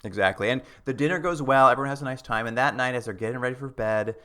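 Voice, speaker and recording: Bright-voiced man recapping plot. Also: medium pitch, fast. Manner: recaps plot, acting out quoted lines with laughter. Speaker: podcast co-host. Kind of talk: casual chat.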